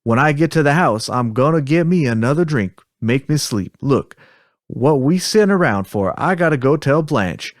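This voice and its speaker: A man's voice: mid-range voice, lively intonation, normal speed, no echo, clean studio sound, natural voice. A man voicing a rattled older male fisherman with a put-on Southern US drawl, acting out a transcript on a podcast. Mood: shaken insistent. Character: shaken older male fisherman after a UFO encounter.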